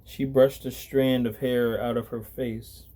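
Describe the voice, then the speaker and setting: A man reading a story aloud as narrator, at a deliberate pace. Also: medium pitch, flat delivery, mellow.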